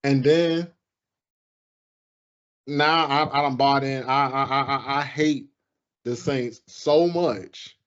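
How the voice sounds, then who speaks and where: A man co-hosting a casual sports podcast, animated and profane, often jumping into high mocking voices. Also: slow, long pauses, smooth, lo-fi sound. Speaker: podcast co-host.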